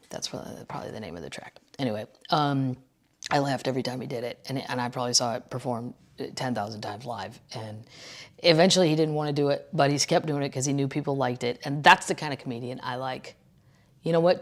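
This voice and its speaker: A woman comedian telling a brash, blunt story in a podcast chat. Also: rumbling low.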